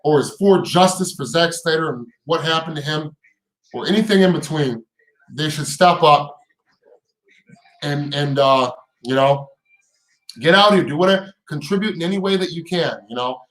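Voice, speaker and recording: A man's voice: fairly high pitch, normal speed, fairly bright tone, roomy sound, rough recording. A man hosting a casual live stream, talking in heated, profane bursts with repeated words and rising rhetorical questions.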